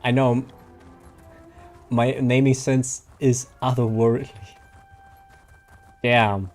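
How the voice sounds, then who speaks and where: A man's voice: mid-range voice, little pitch movement, takes it slowly, darkish tone, soft background music. A man, chatting casually and rambling to viewers while he streams a game. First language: German. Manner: rambling, chatty, reads viewer names aloud.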